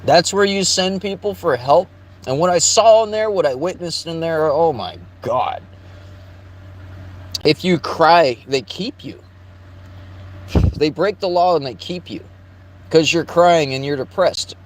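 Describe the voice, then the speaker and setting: A man's voice: fairly high pitch, animated, normal speed. A man telling a rambling, blunt personal story, swearing freely and restarting his sentences. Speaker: vlogger. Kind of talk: casual storytelling.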